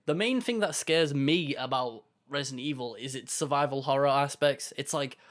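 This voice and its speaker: A man's voice: medium pitch, moderate pace, fairly bright tone. A man co-hosting a podcast, chatting in an easygoing, rambling way. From United Kingdom. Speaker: podcast co-host. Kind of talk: casual chat.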